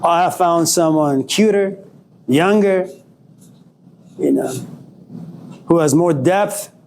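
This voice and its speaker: Slow-paced and darkish in tone, a male college lecturer teaches a class with dramatic flair, acting out scenes and pushing his voice higher when playing angry. Slight background noise is present.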